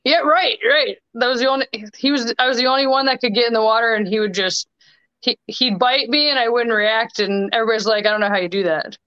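Young woman podcast guest, bright and crisp, chatty with many restarts; dry, dull lo-fi call audio. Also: on the high side, dry recording. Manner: chatty, quick bursts with many restarts and fillers. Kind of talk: casual storytelling chat.

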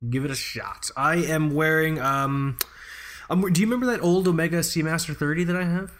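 Pria santai yang suka bercanda. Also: male voice, on the high side, fairly quick, a bit bright. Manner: loose, profane, joking. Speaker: podcast co-host. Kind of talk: casual podcast chat.

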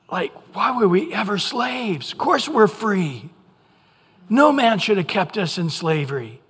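Older American pastor preaching in a reverberant hall. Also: male voice, a little high. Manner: animated preaching with acted-out voices. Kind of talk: sermon. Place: church sanctuary.

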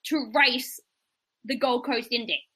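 Aussie woman co-hosting a podcast, bright higher voice, rambly casual chat. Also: fairly even intonation, a little slow, breathy edge, low-quality recording. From Australia. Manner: chatty, rambling, lots of "like". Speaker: podcast co-host.

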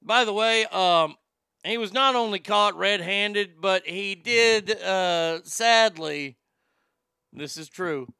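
A man's voice: high-pitched, takes it slowly, creaky, bright, forceful tone, clean tone, dry recording, clean studio sound. A man hosting a comedy podcast, rambling and joking crudely, often stammering and repeating words. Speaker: podcast host.

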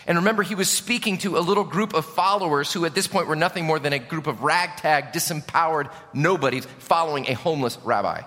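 A man's voice: a little fast, bright, forceful tone. Man preaching in a reverberant hall. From Chicago. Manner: emphatic preaching, rising for key lines and dropping low on endings. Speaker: pastor. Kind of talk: sermon.

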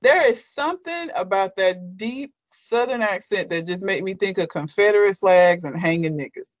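Casual chat, from Alabama, measured, dry close sound. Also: medium pitch, dry recording.

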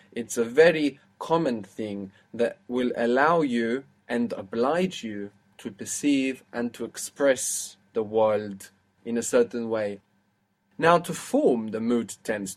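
Man, language teacher, patient, step-by-step explanations, mid pitch. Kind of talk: spoken language lesson.

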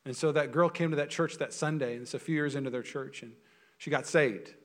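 A young adult man preaching a sermon as pastor, energetic and conversational, often repeating words as he gets going. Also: on the high side, brisk.

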